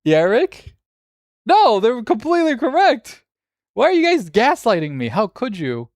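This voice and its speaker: A man's voice: extremely high pitch, huge pitch swings, unhurried, no echo, studio quality. A man hosting a game tournament on a livestream, chatting casually and joking with viewers, swearing now and then.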